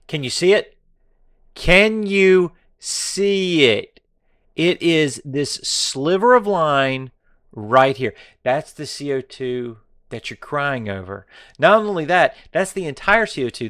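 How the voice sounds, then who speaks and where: A man's voice: mid-range voice, fairly bright tone, dry recording, studio quality. A man hosting a political commentary monologue, sarcastic and mocking, taunting his viewers and now and then dropping to a whisper for effect. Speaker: commentary show host.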